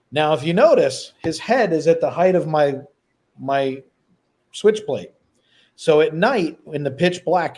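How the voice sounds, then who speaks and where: A middle-aged man hosting a live stream, telling a story with lively acted-out dialogue. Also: a little high. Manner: animated storyteller, acts out dialogue. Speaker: host.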